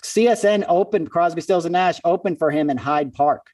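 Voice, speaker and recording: A man, a comedian and guest, telling quick, animated backstage stories in a casual interview. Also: on the high side, no echo, distant mic. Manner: animated storyteller, quick asides. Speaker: comedian and podcast host, guest. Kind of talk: casual phone-in interview storytelling.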